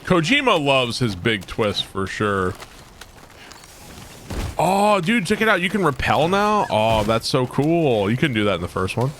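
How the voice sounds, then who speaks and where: A young man casually commentating his gameplay live, excitable and swearing freely while chatting with viewers. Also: mid-range voice, unhurried, slight background noise. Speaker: game streamer.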